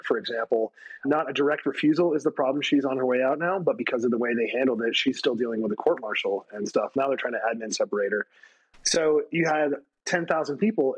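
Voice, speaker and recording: Guest: husky retired soldier, casual and animated, jumps up in pitch to act out others. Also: male voice, low-quality recording. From United States. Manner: animated storytelling, acts out quotes with raised pitch. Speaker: guest, retired Army staff sergeant. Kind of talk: casual storytelling interview.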